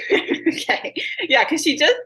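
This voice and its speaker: A woman's voice: high voice, lively intonation, slow pace, sharp tone, low-quality recording. A woman working as a psychic medium in a reading session, bubbly and gushing, full of filler words.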